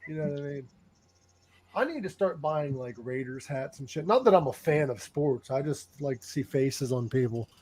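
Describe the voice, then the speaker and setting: A man's voice: mid-range voice, expressive, moderate pace, a little mellow, husky. A man hosting a podcast in crude, casual chat, joking with profanity and breaking into laughter. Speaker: podcast host.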